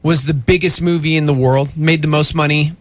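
A man's voice: a little high, steady tone, a little fast, no room sound. A man in his thirties co-hosting a radio morning show, joking around in casual banter. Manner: playful, jokey, goofy voices.

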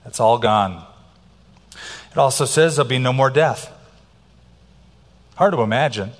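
A man's voice: medium pitch, unhurried, pauses often. A middle-aged man preaching a sermon as pastor, emphatic and varying his pace for effect. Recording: long hall reverb.

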